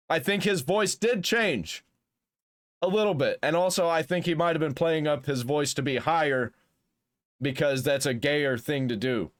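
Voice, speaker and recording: A man with a voice a touch above typical pitch, giving casual reaction commentary. He rambles, restarts his sentences and puts things bluntly and crudely. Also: a bit bright. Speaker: commentary host.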